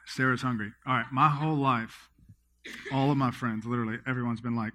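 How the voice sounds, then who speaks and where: Energetic man preaching a sermon. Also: medium pitch, brisk. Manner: energetic storytelling, quotes himself and others. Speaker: pastor.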